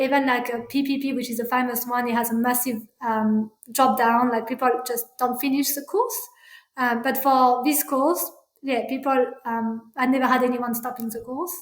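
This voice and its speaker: A woman with a French accent speaks in a high, bright register. She answers an interviewer's questions hesitantly, restarting her sentences and filling gaps with ums. Her voice rings in a noticeably echoey room. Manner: halting, many fillers and restarts. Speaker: parental burnout practitioner, guest.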